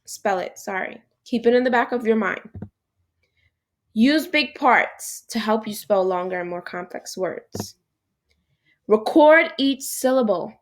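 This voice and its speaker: Woman teacher for a kids' phonics lesson, fairly high voice, unhurried and encouraging. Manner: slow, animated, encouraging, talks to an unseen class. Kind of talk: recorded phonics lesson for young children.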